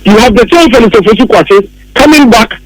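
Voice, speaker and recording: High-voiced Ghanaian man arguing politics. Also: fast talker, dry recording, poor audio. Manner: emphatic, argumentative, repeats points. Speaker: political commentator. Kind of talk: radio political talk.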